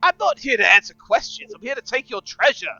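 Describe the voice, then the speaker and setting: A man voicing a gruff male orc pirate raider who bluffs and gets flustered when questioned. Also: very high voice, very animated, fast talker, bright, forceful tone, no echo, lo-fi sound, faint music behind, voice pushed up, heavily acted.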